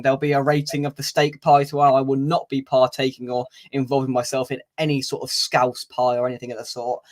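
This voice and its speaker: A young man hosting a football fan channel's match preview, chatting casually and wryly with plenty of filler words. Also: medium pitch. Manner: chatty, wry, lots of "uh" fillers.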